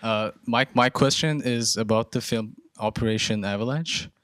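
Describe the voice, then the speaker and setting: A young man from the audience asking a question, halting and hesitant as he speaks. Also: fairly low pitch, a bit bright. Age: young adult.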